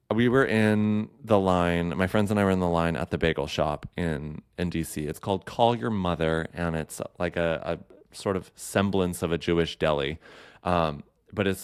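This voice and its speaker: A man talks casually and campily as a podcast host, rambling through asides and fillers. His voice sits low and comes across smooth and resonant. The sound is dry and close, with no room around it. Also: no echo. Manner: chatty, campy, lots of fillers and asides. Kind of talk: casual solo chat.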